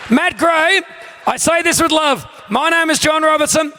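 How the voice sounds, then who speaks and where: An Australian man shouting banter across a live stage, his voice pitched unusually high and bright, cutting through the room. He swears freely and mocks himself and the audience in an exasperated, comic rant. A faint hum of venue ambience sits underneath. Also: normal speed, some chatter behind. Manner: loud, sweary, exasperated and mocking. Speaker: comedian and live show host.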